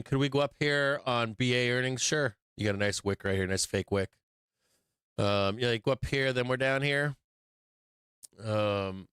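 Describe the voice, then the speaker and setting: A man talks through stock charts in a blunt, rambling, profane way, with plenty of ums and asides. His voice is bright and smooth. It is recorded dry and close. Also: mid-range voice, no room sound. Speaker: stock market show host. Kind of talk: casual trading commentary.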